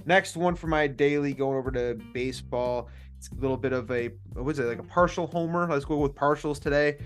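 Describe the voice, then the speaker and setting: A man's voice: mid-range voice, brisk, soft background music. A man hosting a casual sports betting podcast, chatty and jokey, laughing often. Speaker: podcast host.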